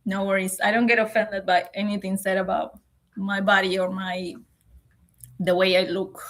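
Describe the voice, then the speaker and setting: A woman on a casual live stream, answering comments, emotional and close to tears, speaking in a measured way and often asking "okay?". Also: medium pitch, little pitch movement, a bit bright. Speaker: livestream host.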